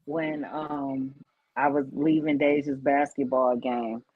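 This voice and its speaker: A woman's voice: very deep voice, takes it slowly, breathy edge, no echo. A woman guest on a live-stream interview, telling heartfelt stories and acting out what others said. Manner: emotional storytelling, animated quoting of others. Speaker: guest, founder of inclusion nonprofit. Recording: dull lo-fi stream audio.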